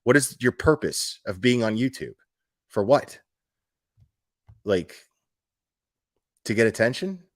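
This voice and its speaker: A man's voice: mid-range voice, animated, slow pace, long pauses, no room sound, clean studio sound. A man hosting a casual true crime livestream, rambling, swearing and sarcastic as he reads and answers chat.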